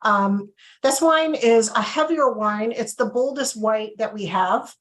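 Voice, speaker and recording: A woman's voice: fairly high pitch, unhurried, fairly bright tone, poor audio. A woman casually leading a wine and cheese tasting on a video call, chatty and asking "okay?" after each point. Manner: chatty, checks in with okay often. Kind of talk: casual live tasting demo.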